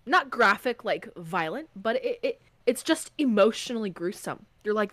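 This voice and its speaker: A woman's voice: medium pitch, animated, moderate pace, few pauses, a bit bright, no room sound. A young woman co-hosting a casual book podcast, acting out her reactions dramatically. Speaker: podcast co-host.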